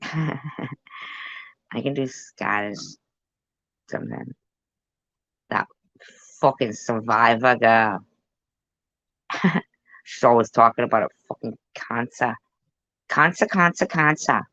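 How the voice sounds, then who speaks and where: Slow, profane middle-aged woman commentator. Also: very deep voice, steady tone, fairly bright tone, no echo. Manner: profane, joking, rambling. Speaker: video commentator. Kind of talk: casual reaction commentary. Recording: dull lo-fi sound.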